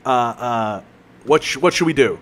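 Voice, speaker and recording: A man's voice: mid-range voice, lively intonation, normal speed, slight background noise. A man chatting casually while he streams a game, rambling and joking at his own expense with plenty of restarts. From Canada. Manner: rambling, joking, self-mocking, many restarts.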